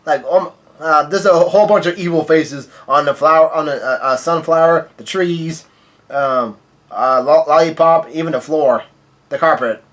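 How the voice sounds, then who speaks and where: Male comic reviewer, rambling casual recap, fairly high voice. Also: moderate pace, fairly bright tone. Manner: rambling, many fillers and restarts. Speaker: manga reviewer.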